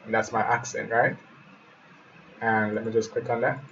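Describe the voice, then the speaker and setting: A man's voice: lowish voice, flat delivery, moderate pace, vocal fry, a bit bright. A man teaching web design in a live screen-share tutorial, thinking aloud and often calling his viewers guys. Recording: muffled, distant mic with faint hiss.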